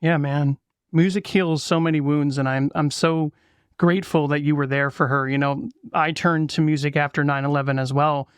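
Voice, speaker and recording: A man's voice: on the high side, fairly even intonation, normal speed, smooth, dry recording, clean studio sound. A man in his thirties hosting a podcast interview, sincere and openly a fan. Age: 30s. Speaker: podcast host.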